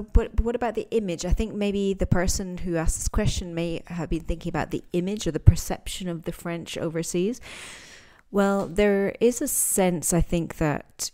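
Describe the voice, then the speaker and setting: A woman's voice: on the low side, dark tone. A woman who is a native English speaker and teacher, hosting a casual podcast lesson, talking thoughtfully with frequent restarts and fillers.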